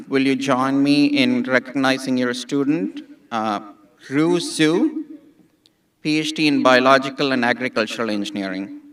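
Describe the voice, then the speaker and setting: A man, an associate dean, reading out graduate names at an outdoor ceremony in a measured way, with small restarts. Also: mid-range voice, a bit bright, distant mic.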